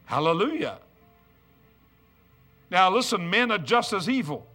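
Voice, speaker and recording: A man's voice: high voice, measured pace, faint music behind. A middle-aged man preaching a sermon, mixing scripture reading with joking stories about married life. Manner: humorous, storytelling, animated asides.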